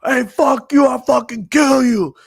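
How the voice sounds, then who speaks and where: A man voicing a drunk, loud male gang tough who yells threats in a raised, strained voice. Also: high voice, steady tone, brisk, pitched above the performer's own voice, lightly acted. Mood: yelling. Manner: yelling, slurred bravado.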